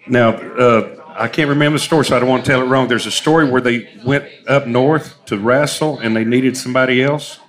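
A man's voice: medium pitch, fairly even intonation, a little fast, hardly any pauses, fairly bright tone. A man hosting a podcast interview, asking questions in an easygoing way with lots of fillers. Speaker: podcast host. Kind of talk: casual interview.

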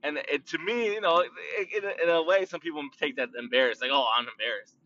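Man, podcast host, casual rambling monologue, lots of fillers and restarts, fairly high bright voice, distant muffled recording. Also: expressive. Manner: loose, drawn-out speech with many fillers and restarts.

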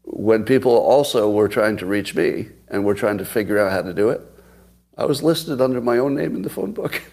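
Low gravelly man telling stories. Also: expressive, moderate pace, a little mellow. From United States. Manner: chatty, laughs at own stories, asides to viewers. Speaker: podcast host. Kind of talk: casual livestream storytelling.

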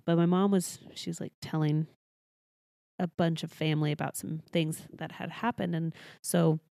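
Casual-chat woman, from Texas, quick talker; low, gravelly tone. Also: fairly even intonation, dark tone, no echo, studio quality. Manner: quick, chatty, laughs often.

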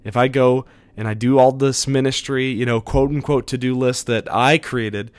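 A man hosting a podcast episode, giving an earnest, conversational devotional talk with soft chuckles. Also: mid-range voice, fairly even intonation, normal speed, dry recording.

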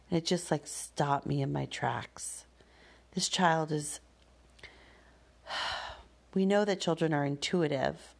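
A woman speaks slowly and unhurriedly, her voice sitting a little low. She shares a personal parenting story in a candid, reflective way, pausing with soft fillers and the odd sigh. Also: creaky. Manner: candid, slow and thoughtful, with soft fillers and sighs.

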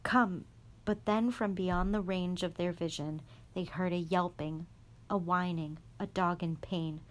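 A woman reading a chapter of a storybook aloud in a calm, even voice. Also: lowish voice, a little slow. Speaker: guest reader.

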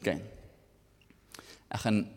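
A man with a South African accent preaching a sermon, animated and switching between English and Afrikaans. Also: slow, long reverb tail. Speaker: pastor.

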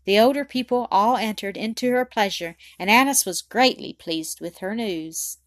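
Woman, audiobook narrator, even unhurried storytelling, mid pitch, dry. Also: dry recording.

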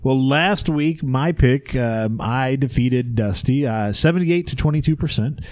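A man's voice: mid-range voice, unhurried, a little mellow, dry recording. Man hosting a podcast, dry close mic. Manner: laughs often, explains segment rules. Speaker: podcast host. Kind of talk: casual podcast chat.

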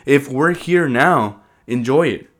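A man's voice: mid-range voice, animated, slow pace, a bit bright. Rambling, slangy male podcaster. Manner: rambling storyteller, slangy, loose with fillers. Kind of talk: casual chat.

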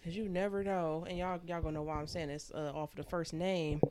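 A young woman co-hosting a casual podcast, frank and quick to laugh, swearing freely. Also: fairly low pitch, fairly even intonation, noisy background. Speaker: podcast co-host. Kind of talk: casual chat.

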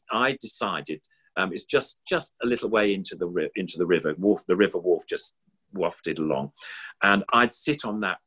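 A man's voice: sits low, a bit bright, husky. An older man, a puppeteer, reminiscing in a casual, rambling, enthusiastic way with many ums and restarts.

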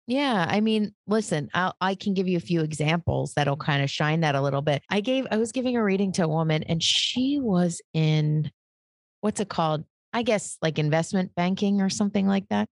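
A woman with a low, gravelly voice tells lively stories as a psychic medium guest in a relaxed interview. She acts out the voices of people in her anecdotes. Her voice sounds close and dry. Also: normal speed, no echo. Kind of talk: casual interview storytelling.

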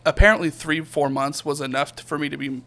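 A young man co-hosting a podcast tells a story casually and acts out the voices of the people in it, animated as he delivers the quotes. His voice is fairly high, and he speaks fast.

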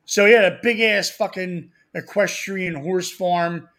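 A man's voice: sits high, measured pace. A man from Florida co-hosting a podcast, telling rambling, profane stories in a loose banter style. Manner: profane, rambling, animated storyteller. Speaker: podcast co-host. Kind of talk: crude storytelling banter.

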